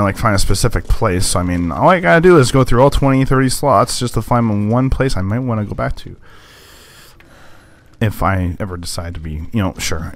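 A man's voice: medium pitch, a bit bright, a little hiss or hum. Jumpy, swearing man commenting on gameplay. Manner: profane, jumpy, yelps when startled. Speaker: let's play gamer.

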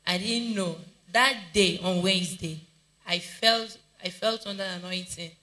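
A man with a Nigerian accent giving an earnest, halting church testimony. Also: sits high, pushed and bright, poor audio. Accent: Nigerian English.

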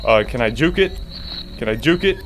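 A man's voice: mid-range voice, expressive, normal speed, background noise. A man giving jumpy, profane commentary to himself while playing a horror game. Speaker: gamer.

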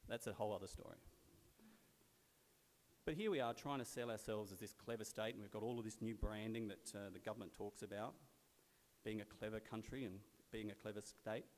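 A man's voice: lowish voice, steady tone, fairly quick. Australian man speaking in an echoing hall. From South Australia. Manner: conversational, wry storyteller with frequent fillers. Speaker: guest speaker at a club luncheon. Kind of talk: anecdotal after-dinner speech. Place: large event venue in a sports stadium. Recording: long hall reverb, faint hiss.

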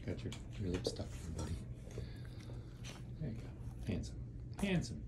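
A man's voice: deep voice, huge pitch swings, unhurried. A man vlogger chatting playfully to his dogs in a sing-song pet-talk manner. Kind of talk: talking to pets. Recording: loud background noise.

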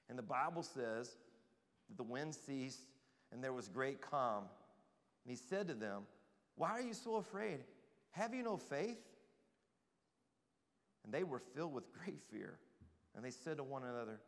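A man preaching a sermon in a church, animated and asking the congregation questions directly. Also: medium pitch, normal speed. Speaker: pastor. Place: church sanctuary. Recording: reverberant church hall.

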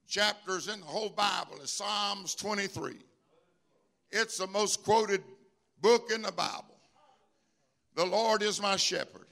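A bishop preaching a live church sermon in a sanctuary. He speaks emphatically, repeats his lines and swells into shouts. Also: high-pitched, gravelly. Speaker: bishop and pastor.

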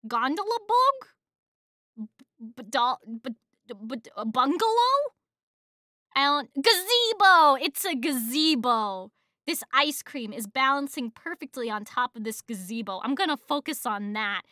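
A woman streamer riffing on a video in a playful, giggly way, full of crude jokes. Her high, bright voice sounds close and dry, and she talks at an unhurried pace. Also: animated, no echo. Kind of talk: casual reaction commentary.

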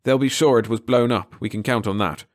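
A man's voice: mid-range voice, brisk, lightly acted. A man voicing a young male agent in a storybook reading, speaking in a firm, urgent way.

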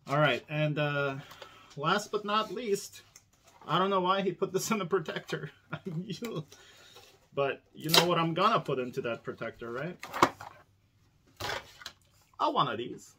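A man's voice: on the high side, lively intonation, measured pace, long pauses, background noise. A man hosting a casual unboxing vlog indoors, rambling and chatting to viewers with frequent laughs. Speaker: diecast collector channel host.

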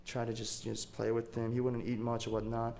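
A man's voice: medium pitch, completely flat delivery, fairly quick, gravelly, a little mellow. A young man preaching a sermon as a pastor, telling a story in a conversational way and repeating words as he gets going.

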